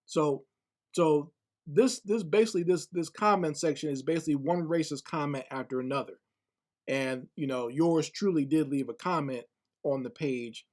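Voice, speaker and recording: A man's voice: a little high, moderate pace, a little mellow. A man giving casual spoken commentary online, blunt and scornful, often repeating words as he gathers his thoughts.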